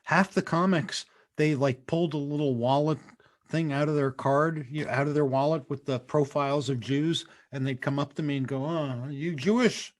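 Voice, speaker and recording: A man hosting a comedy podcast, chatting casually and telling stories in an animated, joking way. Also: on the high side, moderate pace. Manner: animated, jokey storyteller. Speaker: podcast host.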